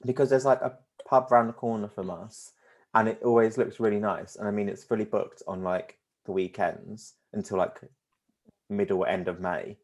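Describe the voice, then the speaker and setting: A young man co-hosts a relaxed podcast with a friend. He chats easily and breaks into laughter often. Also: on the low side, moderate pace. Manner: giggly, laughs often between lines. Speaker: podcast co-host. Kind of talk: casual chat.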